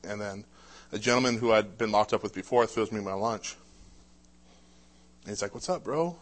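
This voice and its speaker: A man with a fairly low, level voice relates his own life story at normal speed for a personal testimony. He speaks informally, frequently restarting and filling gaps with "uh."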